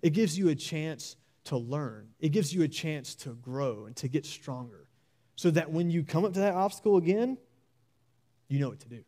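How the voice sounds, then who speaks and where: A young man preaching a sermon in an earnest, exhorting way, repeating key phrases slowly for emphasis. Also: on the high side, animated, dark tone.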